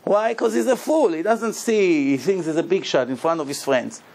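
A man speaking as a rabbi in a Torah lecture, with animated storytelling, rhetorical questions and acted-out dialogue. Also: fairly high pitch, normal speed.

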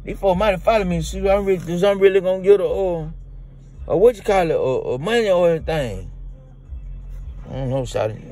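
A man's voice: sits high, lively intonation, fairly quick, dark tone, soft background music. A man rambling through a comedic monologue from inside a truck, tacking "boy" and "shawty" onto his lines. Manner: rambling, drawling, peppers talk with "boy" and "shawty". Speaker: comedic character vlogger.

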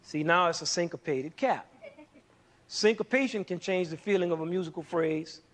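Host, male: playful music teacher with a slightly high voice who counts beats aloud. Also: normal speed, fairly bright tone. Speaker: music educator and show host. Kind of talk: scripted music lesson.

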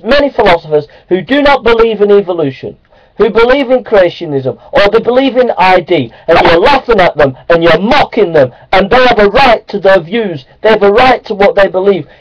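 A man's voice: high voice, normal speed. A man ranting angrily into his camera, repeating short indignant phrases. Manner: repeating short angry phrases, building up then calming down. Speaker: video blogger. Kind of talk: angry ranting monologue. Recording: dull lo-fi webcam audio.

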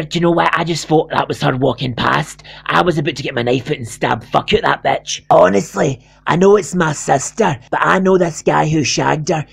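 A man's voice: fairly high pitch, dry recording, full character voice. A man with a Scottish accent voicing a foul-mouthed female animal who rants crude gossip about her sister. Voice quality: gravelly.

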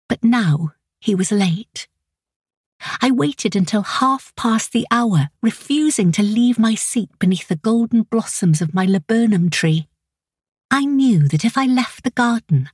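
A woman reading a first-person novel as an audiobook narrator, in an intimate, anxious and measured way. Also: a little high, breathy edge, no echo, studio quality.

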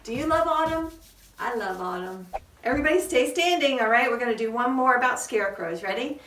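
A woman's voice: fairly high pitch, lively intonation, quick pace, fairly bright tone, roomy sound, far from the mic, a little hiss or hum. A woman leading a preschool storytime, reading rhymes and singing songs in a sing-song voice, coaxing the children to join in.

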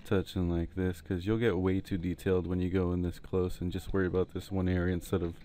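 Man, dark mellow voice, laid-back tutorial talk, headset mic, faint hiss. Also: sits low, fast talker. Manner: relaxed, rambling, jokey asides. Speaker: digital painting tutor. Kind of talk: casual tutorial commentary while painting. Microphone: headset mic, breathing into it.

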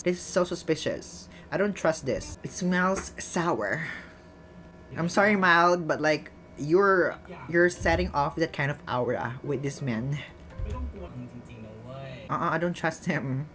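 Giggly low-voiced woman reacting. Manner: animated, giggly, dramatic outbursts. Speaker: movie reaction commentator. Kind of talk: late-night movie reaction commentary. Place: at home at night. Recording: film music playing under the voice. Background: movie soundtrack music.

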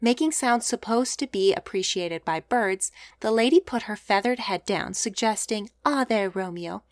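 A woman reading a classic short story aloud as narrator, measured and expressive. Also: a little high, dry recording, clean studio sound. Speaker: audiobook narrator. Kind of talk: scripted narration.

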